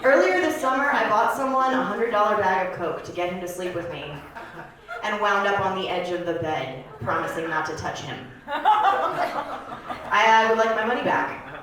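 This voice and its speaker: Deadpan 30yo woman doing stand-up, rambly with lots of um and like, sounds far from the mic in a super echoey club. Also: mid-range voice, moderate pace. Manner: deadpan, rambling confessional delivery with filler words. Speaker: stand-up comedian. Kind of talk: stand-up comedy set. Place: comedy club stage.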